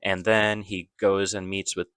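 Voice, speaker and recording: A man's voice: low voice, level tone, unhurried, a bit bright, smooth, dry recording. A man casually recapping a movie plot, rambling loosely with lots of fillers and self-corrections.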